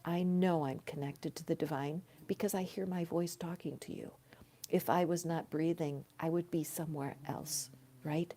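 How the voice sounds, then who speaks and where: Soft-spoken woman reading tarot cards. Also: lowish voice, steady tone. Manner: soft, slow, dropping often into whispers. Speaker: tarot reader hosting a live stream. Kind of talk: live tarot reading, casual spiritual talk. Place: her home, with her dog nearby. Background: a dog barking at times.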